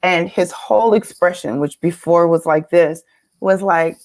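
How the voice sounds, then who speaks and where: A woman's voice: lowish voice, unhurried, darkish tone. A woman from California, telling a personal story as a guest speaker in a reflective, earnest way. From California, United States. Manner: reflective, earnest, with some laughter.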